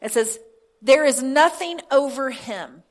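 A woman with a high voice and lively intonation speaks at a measured pace. She is a pastor who reads scripture aloud and then preaches a sermon, her fervor rising until she makes fervent declarations.

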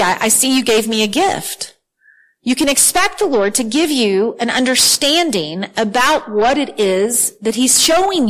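A woman preaching a sermon with earnest, animated delivery, often repeating words as she reads scripture aloud. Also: sits high, rough recording.

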